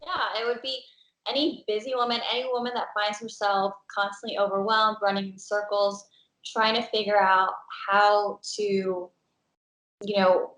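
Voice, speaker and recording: A woman's voice: mid-range voice, flat delivery, normal speed, fairly bright tone, echoey room, low-quality recording. A woman, a productivity coach, earnestly describing her ideal client as a podcast guest. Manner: earnest, listing ideas in a flow. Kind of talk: casual interview.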